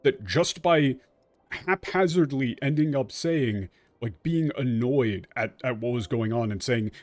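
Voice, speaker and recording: Excitable man commenting on a game. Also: mid-range voice, a little slow, no room sound. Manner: animated, excitable, blunt and sarcastic. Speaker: game streamer and translator. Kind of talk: casual gameplay commentary.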